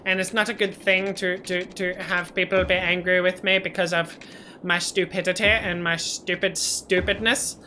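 A man narrates his city-building game in a bright, cutting voice, rambling and poking fun at himself. He keeps slipping into silly sing-song and made-up sounds. Faint game music plays beneath his voice. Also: high-pitched, level tone, normal speed. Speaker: gaming YouTuber. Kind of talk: let's-play commentary.

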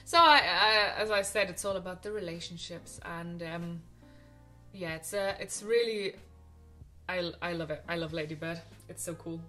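A young woman chats about films she loved, gushing and full of little ums and restarts. Her voice is bright and clear, with a touch of soft music underneath. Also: on the low side, fairly even intonation, normal speed. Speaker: film vlogger. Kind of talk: casual film recommendations to camera.

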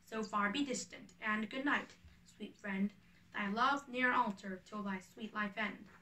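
A woman reading the part of a modest, gentle young woman aloud, in earnest verse, a little away from the microphone. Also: medium pitch, measured pace, recorded from a distance, rough recording.

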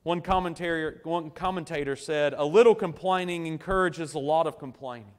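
Male pastor, sermon, slightly high voice, earnest emphatic delivery, reverberant church sanctuary. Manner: earnest preaching with slow emphatic phrases and soft drops. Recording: long church hall reverb.

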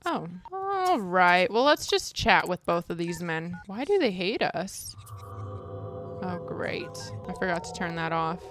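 A woman's voice: fairly low pitch, big pitch swings, takes it slowly, fairly bright tone, soft background music. A woman giving casual, chatty gameplay commentary as a streamer, exasperated and swearing lightly. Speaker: gaming streamer.

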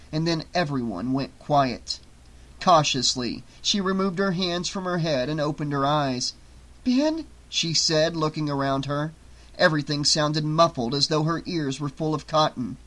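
Bright-voiced male audiobook narrator. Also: fairly high pitch, rough recording. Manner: steady, dramatic storytelling.

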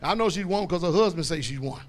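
A high-pitched male pastor delivering a sermon in a blunt, colloquial way. He keeps asking his congregation to finish verses and climbs to loud, emphatic preaching. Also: lively intonation, rapid-fire.

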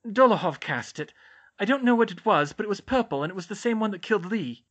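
Man doing a dazed matter-of-fact teen girl, raised pitch. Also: quick pace, dull audio. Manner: absent, flat, matter-of-fact. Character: shaken, matter-of-fact teenage girl student. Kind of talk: audiobook character voice.

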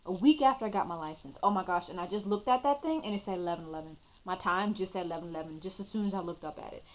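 A woman in her twenties, a YouTuber, telling her own story to the camera in a casual, expressive way and calling her viewers "y'all". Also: fairly low pitch, rapid-fire.

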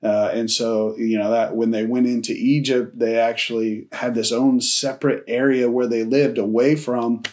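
A man preaching a casual sermon, telling the story in a relaxed, conversational way and acting out bits of dialogue. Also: mid-range voice, normal speed, hardly any pauses. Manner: casual storytelling with friendly slang; acts out dialogue in his telling. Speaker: pastor.

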